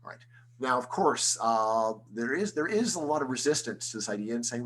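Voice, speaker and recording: A man, an economics professor, giving an online lecture in a conversational style, full of rhetorical questions and quick restarts. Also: mid-range voice, lively intonation, fairly bright tone, rough recording. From United States.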